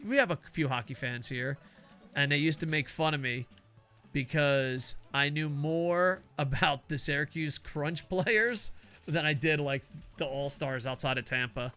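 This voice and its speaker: A man's voice: fairly high pitch, a little slow, sharp tone, smooth, faint music behind. An older man, a semi-retired teacher, rambling casually and profanely while streaming a game, laughing often. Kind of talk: casual chat while gaming.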